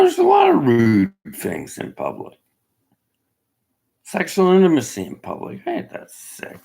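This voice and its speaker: A man from Canada giving a rambling, opinionated monologue, swinging from loud outbursts to near-whispers. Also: medium pitch, vocal fry, breathy edge. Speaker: self-made video commentator. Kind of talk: casual monologue.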